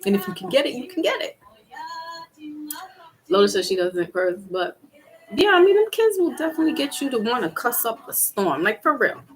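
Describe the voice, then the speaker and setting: A woman's voice: a little high, very animated, brisk, long pauses, rough recording. A middle-aged woman hosting a casual livestream chat, laughing often and acting out quotes in her stories. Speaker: livestream host. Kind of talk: casual chat with live viewers.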